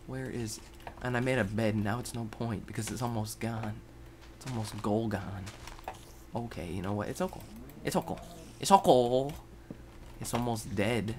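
Young male gamer host, low-ish voice, jumps from muttered whispers to sudden shouts, faint hiss behind. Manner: erratic, swings from mutters and whispers to yelling; swears freely, talks to viewers. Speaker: gaming video host. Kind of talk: casual gameplay commentary.

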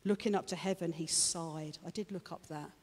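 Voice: medium pitch, fairly even intonation, normal speed, darkish tone. A preacher giving a sermon, chatty and joking with the congregation, then turning fervent and rousing. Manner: chatty, jokey asides to the congregation. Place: church hall with a congregation. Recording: long church-hall reverb.

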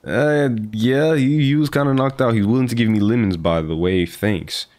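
A young man giving casual, excitable gameplay commentary, joking and trash-talking. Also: medium pitch, moderate pace. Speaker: gaming video host.

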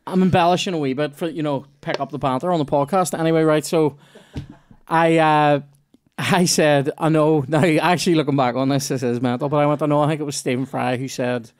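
A man's voice: a little high, fairly even intonation, fairly quick. A man hosting a comedy podcast, telling rambling, sweary anecdotes full of restarts. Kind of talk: casual storytelling chat.

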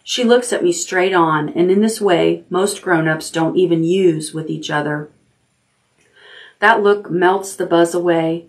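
Librarian lady reading a bedtime chapter book, lowish calm voice. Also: a little slow.

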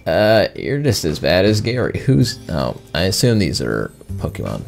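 A man's voice: deep voice, wildly swooping pitch, normal speed, gravelly, hardly any pauses, faint music behind. A man giving sarcastic gameplay commentary, reading the game's text aloud and bantering with the characters in mock offense. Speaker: gaming video host.

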